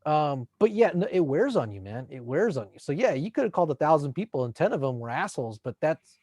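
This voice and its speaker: A man's voice: on the high side, sing-song, quick pace, darkish tone, no echo, studio quality. A man, a teacher and podcast co-host, talking in a laid-back, reflective way with casual swearing. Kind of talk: casual chat.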